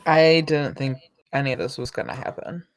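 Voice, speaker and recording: Tabletop player, mid pitch, musing, casual chat. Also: lively intonation, moderate pace, a little hiss or hum.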